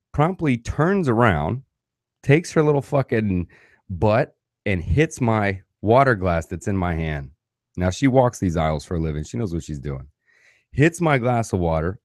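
Guy ranting through a travel story, low voice that swings all over, cussing a lot, dry close sound. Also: no echo. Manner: animated, swearing freely. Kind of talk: casual profane storytelling.

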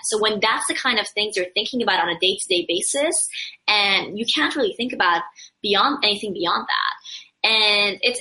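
A woman's voice: mid-range voice, sharp tone, poor audio. A woman speaking earnestly and at length in a casual conversation, with frequent fillers and repeated starts.

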